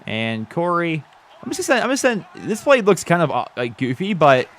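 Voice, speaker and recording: A man's voice: on the high side, huge pitch swings, fairly quick. A young man giving casual commentary over a football video game, flustered and exasperated, often laughing in disbelief. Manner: flustered, exasperated, laughing at his own bad luck. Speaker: gaming YouTuber.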